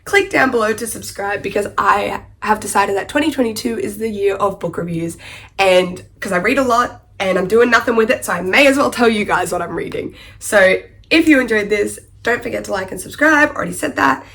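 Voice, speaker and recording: A woman's voice: medium pitch, a little fast. A woman reviewing books in a casual vlog. She talks in a chatty, apologetic way and often restarts her sentences. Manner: animated, emphatic, playfully apologetic. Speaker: book vlogger. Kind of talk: casual book review chat.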